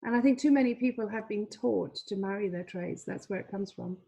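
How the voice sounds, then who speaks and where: A woman's voice: medium pitch, a little fast, gravelly, dark tone, slightly rough, dull audio. A woman teaching a trading lesson over a shared screen, chatty, repeating herself, with many fillers. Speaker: trading coach.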